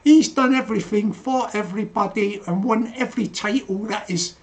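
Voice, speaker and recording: A man's voice: sits high, moderate pace. An older man hosting a casual livestream, laughing often and calling himself by name in the third person. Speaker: livestream host.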